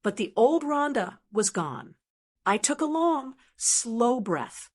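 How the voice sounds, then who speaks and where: Calm older woman narrating a story. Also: on the high side. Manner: calm, measured, steady. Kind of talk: first-person audiobook narration.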